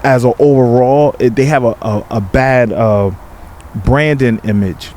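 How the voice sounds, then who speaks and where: A man's voice: medium pitch, measured pace, darkish tone, slight background noise. A man guest on a podcast, talking reflectively with many repeats and filler phrases. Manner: reflective, hesitant, repeats words, lots of 'you know'. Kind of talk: candid podcast conversation.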